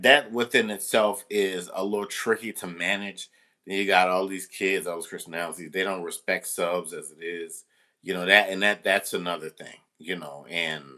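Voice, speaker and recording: Male substitute teacher, lowish voice, bright and forceful, telling a rambling casual story. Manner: rambling, full of restarts and "you know".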